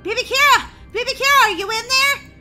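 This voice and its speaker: A woman's voice: very high-pitched, animated, unhurried, pushed and bright, faint music behind, exaggerated voice. Woman voicing a shrieking, panicky young girl. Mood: frantic. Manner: shrieking, frantic calls. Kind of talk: animated game movie voice acting.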